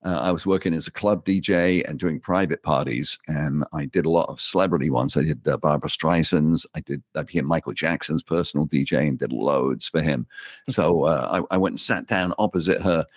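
Deep-voiced English radio DJ. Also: male voice, a little fast, no echo, clean studio sound. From England. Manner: animated anecdotal storyteller. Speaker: radio DJ guest. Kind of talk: casual storytelling interview.

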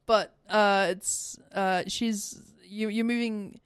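A woman's voice: mid-range voice, fairly even intonation, slow, smooth, no echo, studio quality. A young woman co-hosting a podcast, chatting casually in a rambling way and laughing often. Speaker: podcast co-host. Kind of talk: casual chat.

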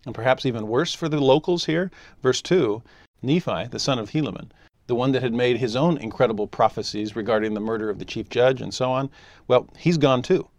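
A man's voice: medium pitch, a little fast, no room sound. Man telling a scripture lesson story. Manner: animated storytelling, briefly voicing quoted characters. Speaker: scripture teacher.

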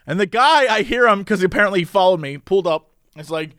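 A man's voice: sits high, fast, dry recording, studio quality. A man telling a long story in casual chat, laughing often and acting out the people in it. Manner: animated, laughing often, mimics others in the story.

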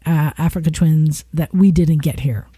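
A woman's voice: deep voice, moderate pace, mellow, slightly rough, no room sound. A woman co-hosting a podcast in casual chat, playful and bantering as she runs things and reads listener mail aloud. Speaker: podcast co-host.

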